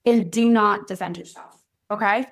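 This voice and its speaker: A woman's voice: medium pitch, fairly even intonation, moderate pace. A woman hosting a podcast, talking earnestly to parents in a coaching tone and often checking in with "right?" or "okay?". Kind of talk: solo podcast talk.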